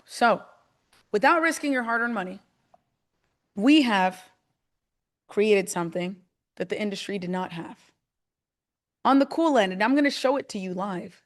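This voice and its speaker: A woman hosting a live call, delivering an excited sales pitch for a trading program and repeating her phrases for emphasis. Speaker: host presenting a trading program.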